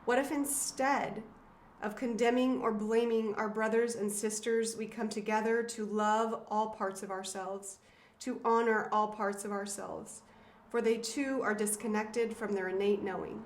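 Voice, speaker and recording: A woman's voice: medium pitch, steady tone, unhurried. A woman in her thirties, the author and host, talking casually and reading passages from her own book in an earnest, emotional way with frequent fillers and restarts. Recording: roomy echo, faint background noise.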